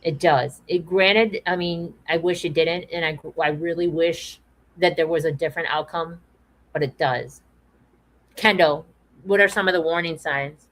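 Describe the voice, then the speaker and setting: Low-voiced woman hosting, emphatic. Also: fairly even intonation, unhurried, a bit bright, rough recording. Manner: emphatic, repeats phrases for weight. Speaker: podcast host. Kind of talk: earnest awareness talk.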